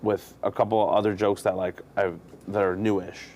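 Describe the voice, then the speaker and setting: A man with a lowish voice tells stories from the road as a guest comedian. He talks in a loose, candid and profane way, and gets more animated as the story builds. Faint noise sits under the recording. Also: a little fast. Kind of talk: casual storytelling.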